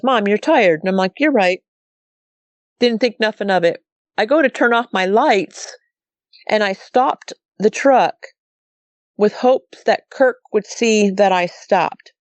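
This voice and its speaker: A woman's voice: mid-range voice, dry recording. A middle-aged woman from Montana telling her own story as a guest, rambling and quoting herself and others as she goes. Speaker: guest recounting a sighting. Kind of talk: casual storytelling.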